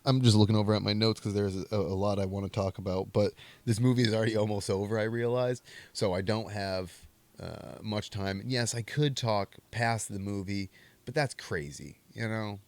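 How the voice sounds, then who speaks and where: A man's voice: lowish voice, steady tone, moderate pace, a little mellow, no room sound. A young man hosting a comedy movie podcast, rambling and joking in a self-mocking way. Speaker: podcast host. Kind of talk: casual movie commentary.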